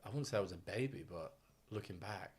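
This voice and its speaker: A man co-hosting a podcast, telling stories in a casual, animated way, often mimicking other people's voices and laughing as he talks. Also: deep voice, quick pace, breathy edge. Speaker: podcast co-host. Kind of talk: casual storytelling chat.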